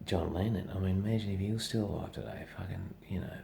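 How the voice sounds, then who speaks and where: A man's voice: sits low, fast talker, vocal fry, background noise. A middle-aged man, a comedian vlogger, rambling bluntly in a casual rant and swearing constantly.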